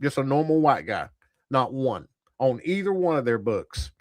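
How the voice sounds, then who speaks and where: A man's voice: medium pitch, big pitch swings, moderate pace, no room sound. A man hosting a tabletop gaming channel, giving blunt, profane, rambling commentary to a live chat. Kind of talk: casual livestream commentary.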